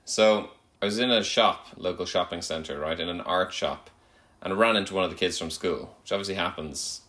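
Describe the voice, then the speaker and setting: A young man hosting a comedy podcast, telling stories in animated, joking chat with quick asides. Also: sits low. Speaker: podcast host.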